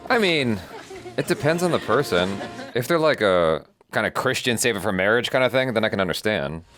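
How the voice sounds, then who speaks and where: A man's voice: on the low side, animated, a little fast, over music. A man co-hosting a reaction video, making wry, joking comments about a sitcom.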